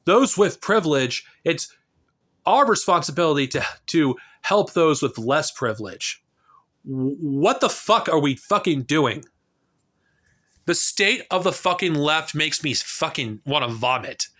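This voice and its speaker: A fired-up man in his thirties rants at his camera, his high voice swinging widely up and down. He sounds bright and forceful, swearing freely and stumbling over restarts as the frustration pours out. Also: animated. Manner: heated, profane, halting with frequent restarts. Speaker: political vlogger. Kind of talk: angry political rant to camera. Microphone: camera mic.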